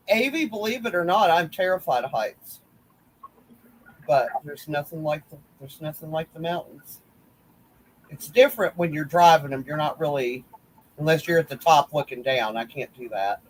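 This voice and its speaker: A man's voice: a little high, normal speed, a little hiss or hum, poor audio. A man telling rambling, teasing stories in a casual group chat. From West Virginia. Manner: rambling storyteller, folksy, teasing. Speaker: crochet group admin.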